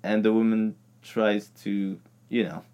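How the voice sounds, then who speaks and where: A man's voice: on the low side, steady tone, measured pace, warm tone, clean tone, highs cut off. A man co-hosting a casual podcast, enthusiastically recommending a cult horror film with many fillers and little laughs. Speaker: podcast co-host.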